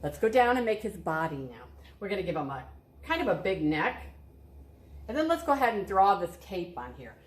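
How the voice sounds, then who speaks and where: A woman's voice: on the low side, very animated, brisk. Encouraging woman teaching kids to draw. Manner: cheerful, encouraging, talks to children directly. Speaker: art teacher. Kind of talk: step-by-step drawing lesson for kids. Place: art studio. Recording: echoey room.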